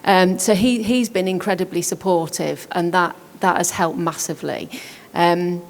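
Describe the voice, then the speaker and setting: Woman, chief executive, lowish voice, measured, hall reverb. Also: fairly even intonation. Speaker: football club chief executive. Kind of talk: panel discussion. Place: conference hall.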